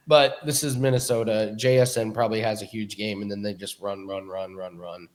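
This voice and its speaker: A man's voice: on the low side, fairly even intonation, brisk, hardly any pauses. A man hosting a sports betting podcast, chatty and easygoing, passing questions to his co-hosts. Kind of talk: casual sports betting chat.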